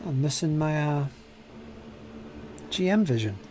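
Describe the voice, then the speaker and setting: A man running a tabletop game as game master, describing scenes in a drawn-out, descriptive way. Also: fairly high pitch, expressive, background noise.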